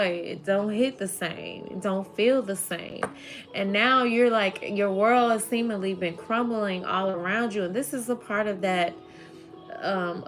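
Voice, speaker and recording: A woman giving a spiritual tarot reading to her viewers, rambling and emotional, with many "like"s. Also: medium pitch. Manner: rambling, emotional, says "like" often. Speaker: tarot reader.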